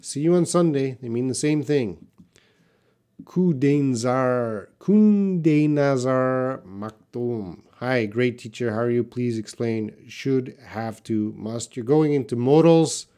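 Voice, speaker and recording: A man's voice: mid-range voice, expressive, slow pace, dark tone. A man teaching English in a live question-and-answer class, reading out viewer comments and explaining them patiently with short example sentences.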